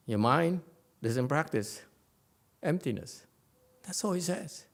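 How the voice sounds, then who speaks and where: A man's voice: on the high side, expressive, a little slow, creaky, long pauses. A man giving a blunt, joking dharma lecture as a Buddhist master at a meditation center. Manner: blunt, joking, repeats for emphasis.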